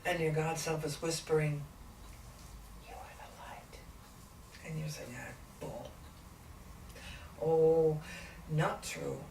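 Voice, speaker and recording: A woman in trance channeling a gentle, patient ancient male spiritual teacher, speaking slowly and deliberately with many rhetorical questions. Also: sits low, little pitch movement, gravelly. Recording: echoey room, distant mic, faint noise.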